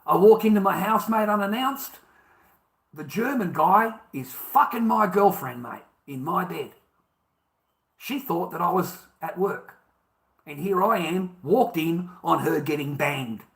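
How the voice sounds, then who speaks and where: A man's voice: fairly high pitch, unhurried, fairly bright tone. A man with an Australian accent, telling a personal story in a profane, emphatic rant that repeats points for emphasis.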